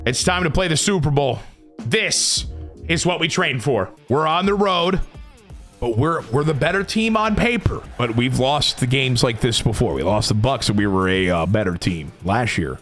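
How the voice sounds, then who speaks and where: A man commentating a football video game from his room, yelling at big plays and muttering in between. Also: expressive, normal speed, soft background music. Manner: swings from loud hype to low muttering. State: sweaty and tired from long recording. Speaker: gaming YouTuber.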